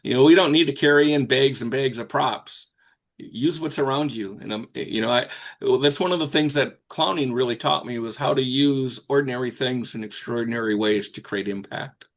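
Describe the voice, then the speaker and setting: A man's voice: medium pitch, moderate pace. An older man, a professional Santa performer, telling stories in a folksy, rambling way. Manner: folksy, rambling with fillers and restarts. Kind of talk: anecdotal storytelling.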